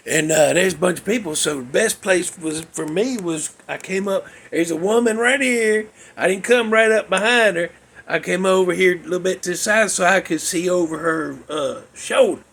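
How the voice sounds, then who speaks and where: A man's voice: high-pitched, gravelly, fairly bright tone, breathy edge. A man, hosting a casual show from his garage, telling rambling folksy stories with frequent chuckles and restarts. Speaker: podcast host.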